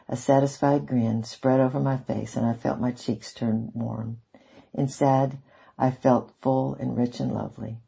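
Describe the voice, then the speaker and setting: A man reading a novel aloud in the first person, in a measured way. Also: mid-range voice, little pitch movement, creaky, husky. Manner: measured, warm sign-off. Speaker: audiobook reader.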